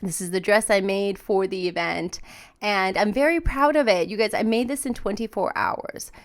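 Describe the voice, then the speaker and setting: A woman hosting a podcast, telling a personal story in a casual, animated way, full of fillers and restarts. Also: normal speed. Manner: acts out her own panicked voice in high pitch. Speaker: podcast host.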